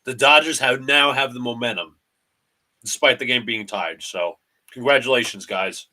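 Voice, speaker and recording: A man hosting a live fan stream, calling each pitch of a baseball game in short clipped phrases. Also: moderate pace, bright, forceful tone. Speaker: play-by-play host of a fan stream. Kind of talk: live fan play-by-play commentary.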